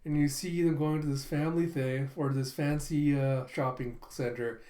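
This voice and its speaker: Brief: relaxed reaction host narrating a comic, mid pitch, roomy echo. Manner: quick casual narration, frequent laughs. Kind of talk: reading manga aloud with casual commentary.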